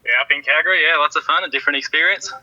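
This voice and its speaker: A man from Australia with an Australian accent, a guest on a video call, answering briefly and relaxed. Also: on the high side, rapid-fire, no echo. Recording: muffled, lo-fi online call audio.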